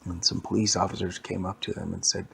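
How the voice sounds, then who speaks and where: A man improvising a story for a child, animated and dropping into whispers for suspense. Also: low-pitched, fairly quick, creaky, a little hiss or hum.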